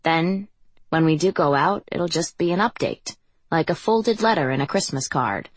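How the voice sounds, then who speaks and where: A woman narrating a first-person audiobook in an even, reflective reading voice. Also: deep voice, moderate pace, breathy edge, no room sound.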